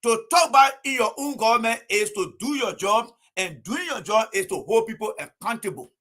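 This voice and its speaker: A man holds forth on a livestream, preaching his political views with insistent repetition. His voice sits high and carries a forceful, pushing edge. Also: normal speed. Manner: emphatic, preachy, repeats points. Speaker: political commentator.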